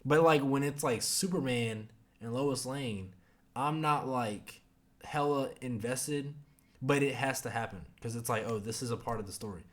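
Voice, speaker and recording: A man's voice: medium pitch, normal speed. A young man hosting a podcast, chatting casually about a show in a rambling, profane way full of fillers. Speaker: podcast host. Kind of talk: casual review chat.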